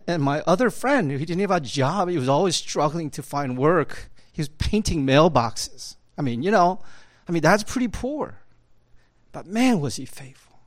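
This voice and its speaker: Conversational pastor preaching, higher voice. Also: male voice. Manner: conversational preaching, many fillers and tag questions. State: choked up at times. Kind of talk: sermon.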